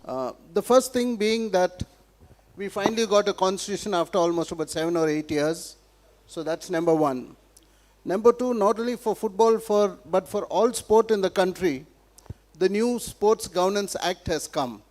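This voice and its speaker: A man speaking as a panelist and football administrator, giving a measured, soft-spoken answer. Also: high voice.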